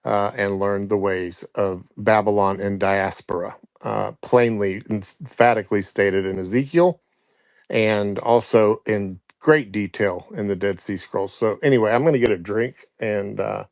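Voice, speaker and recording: A male caller earnestly explaining scripture in a measured, halting way. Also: on the low side, gravelly, no room sound. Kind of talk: biblical teaching.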